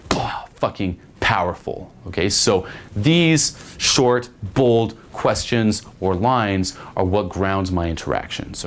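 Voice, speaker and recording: Young male dating coach with a low-leaning voice; casual, profane, keeps asking "okay?". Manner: casual, swears, says "okay?" and "you know" often. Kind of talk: spoken lesson with acted examples.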